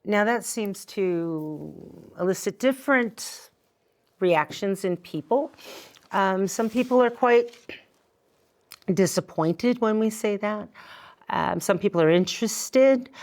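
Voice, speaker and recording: A middle-aged woman hosting a community TV talk show, explaining things patiently and with firm emphasis in places. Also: mid-range voice. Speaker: host.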